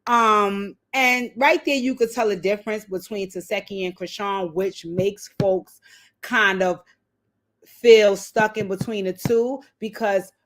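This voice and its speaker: A woman casually recapping a reality show, telling the story with lively quoted voices and blunt slang. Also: medium pitch, unhurried. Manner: animated storytelling, acting out quotes.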